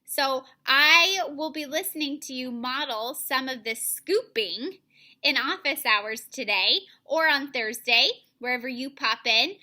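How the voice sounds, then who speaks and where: With a high, bright voice and a forceful tone, the young teacher works through an online reading lesson for kids. She demonstrates phrasing clearly and deliberately.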